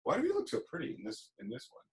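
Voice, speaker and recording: A man's voice: high-pitched, very fast, gravelly. A man hosting a casual livestream chat, telling stories animatedly and acting out the people he quotes. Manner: animated storyteller, acts out quotes. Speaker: podcast host.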